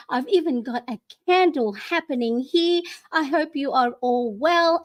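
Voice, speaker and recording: A woman in her forties hosting a planner livestream from her home desk, chatty and bubbly, greeting viewers by name. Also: fairly high pitch. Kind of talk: casual live-stream chat.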